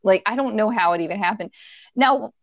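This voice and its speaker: A woman telling a childhood story in casual chat, animated, acting out the people in it with squeaky high voices and laughing at herself. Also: brisk, no echo, highs cut off. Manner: self-mocking, laughs while telling.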